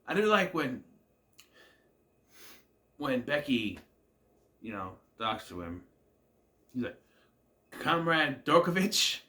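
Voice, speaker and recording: A man's voice: mid-range voice, sing-song, slow pace, long pauses, sharp tone. A man casually recapping and reviewing a TV episode, musing aloud, questioning the plot and often trailing off with "I don't know.". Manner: laughs at the scenes.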